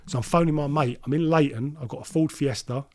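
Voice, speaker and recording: A man's voice: fairly high pitch, fast talker, a little mellow. A middle-aged man, telling his life story as an interview guest, with restarts and acted-out quoted voices. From London.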